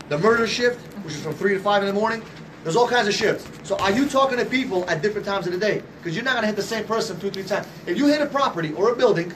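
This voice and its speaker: A sales trainer with a high-pitched voice gives a motivational talk to a room of salespeople, speaking fast, loud and passionately. He swears freely and fires rhetorical questions at the group, sounding a bit distant from the mic over a faint hiss.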